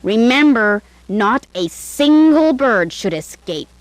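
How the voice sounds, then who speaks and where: A woman's voice: fairly low pitch, expressive, unhurried, dry recording, poor audio. A woman voicing a spoiled, cruel young princess who speaks in a stern, commanding way. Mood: imperious.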